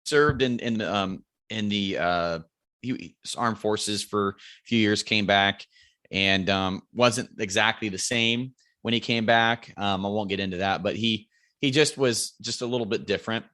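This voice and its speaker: A man as a podcast guest, telling a hunting story in a casual, animated way. He swears freely and raises his voice to quote friends yelling. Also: on the low side, measured pace, no room sound. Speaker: podcast guest, bow hunter.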